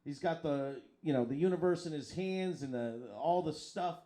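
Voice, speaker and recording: A man hosting a live stream and commentating wrestling in an excitable, profane way that hollers at the action. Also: on the high side, normal speed. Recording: crowd noise and music behind.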